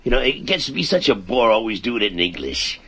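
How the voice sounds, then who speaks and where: A man's voice: lowish voice, very animated, fairly quick, fairly bright tone, breathy edge. A man rambling in a hesitant, mock-refined way in a comedy sketch.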